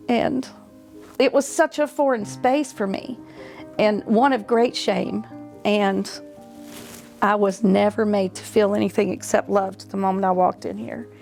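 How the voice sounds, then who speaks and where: A middle-aged woman, a client telling her story, gives an earnest, heartfelt testimony about a hard time in her life. Her mid-range voice is gravelly and a little mellow, with faint music underneath.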